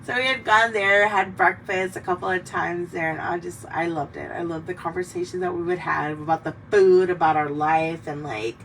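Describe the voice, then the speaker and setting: A woman's voice: on the low side, steady tone, normal speed, few pauses, a bit bright. Rambling, foul-mouthed young woman host. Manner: rambling, swears freely, heartfelt. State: tearful in places. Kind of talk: casual chat while drinking. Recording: mic a bit distant, faint background noise.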